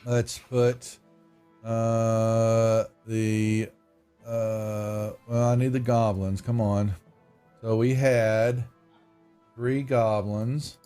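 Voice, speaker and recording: A man's voice: fairly low pitch, little pitch movement, very slow, mellow, smooth, faint music behind. Rambling male game master. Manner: rambling, self-interrupting, casual. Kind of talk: narrating a tabletop game online.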